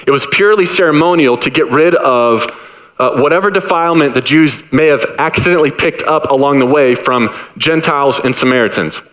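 A man in his thirties preaching a sermon, telling family stories in a casual, animated way and acting out the voices of his kids. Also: a little high, brisk, rough recording. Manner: casual, repeats words and restarts. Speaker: pastor. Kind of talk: sermon with personal anecdotes.

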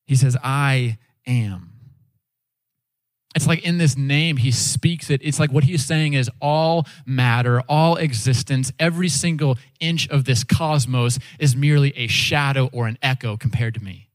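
A man preaching a sermon in a casual, animated way, acting out quoted voices as he tells stories. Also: mid-range voice, a little slow, dry recording. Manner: casual, with frequent "like" and "all right". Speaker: pastor.

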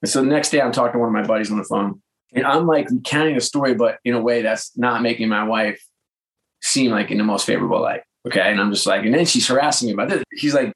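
A middle-aged man, a podcast guest, telling candid, animated stories in conversation. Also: medium pitch, fast. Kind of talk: storytelling in conversation.

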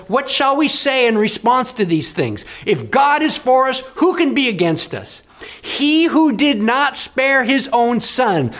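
A man's voice: very high-pitched, a bit bright. A man preaching a broadcast sermon, impassioned and emphatic, pressing points to the listener. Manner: impassioned, emphatic, rising and falling delivery. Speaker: radio preacher.

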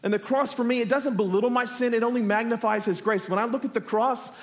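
A man in his thirties from Texas, a pastor preaching with animated, self-deprecating stories. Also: very high voice, fast talker. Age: 30s. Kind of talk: sermon with humorous personal story. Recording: echoey church hall.

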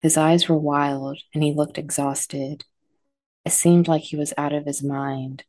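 A woman narrating scripted horror stories in a measured, dramatic way. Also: sits low, level tone, darkish tone, dry recording.

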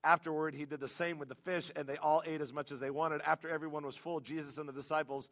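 Middle-aged guy preaching in a church, gravelly voice, tells funny stories and gets loud on the big points. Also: on the high side, fast, few pauses. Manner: animated storytelling with humor, rising to loud emphasis. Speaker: guest pastor. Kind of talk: sermon. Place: church sanctuary.

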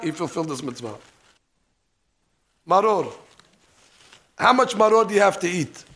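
A man teaching a hands-on religious lesson, animated and joking, dropping Hebrew terms as he demonstrates. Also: high voice, vocal fry. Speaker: rabbi teaching. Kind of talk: demonstration lesson on ritual practice. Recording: archival lesson recording.

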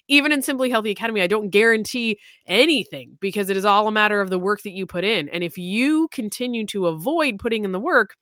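A woman's voice: mid-range voice, fairly bright tone, no room sound, clean studio sound. A woman health coach giving a blunt, profane motivational monologue.

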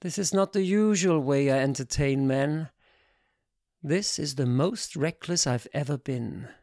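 Audiobook narrator, slow and measured, intimate, dry close studio sound. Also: medium pitch, a little mellow, no echo. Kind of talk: scripted literary narration.

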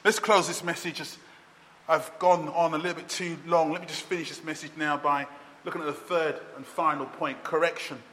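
A man preaching a sermon with dramatic swings between loud calls and soft, low lines. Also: fairly even intonation, a little fast. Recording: long hall reverb.

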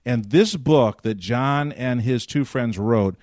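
A man's voice: medium pitch, takes it slowly, a little mellow, dry recording. Older man pastor telling a story, dry close sound. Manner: storytelling, joking banter. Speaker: pastor and podcast co-host. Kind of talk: casual podcast chat.

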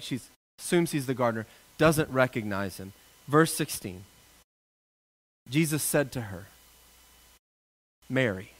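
A male pastor delivering a sermon, an animated storyteller who jokes with his congregation. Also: mid-range voice.

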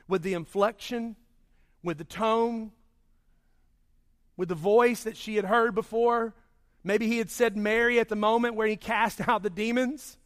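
A man preaching a sermon, swinging between loud emphasis and hushed, slow passages. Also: high-pitched, fairly even intonation. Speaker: pastor.

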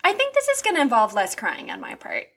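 A woman's voice: a little high, wildly swooping pitch, quick pace, pushed and bright, slightly rough. Earnest self-deprecating young woman. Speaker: podcast co-host. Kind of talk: casual chat.

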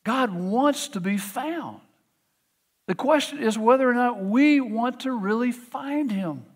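A man's voice: extremely high pitch, expressive, slow pace, breathy edge. A middle-aged man preaching a sermon, earnest, often restarting with repeated words. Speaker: pastor.

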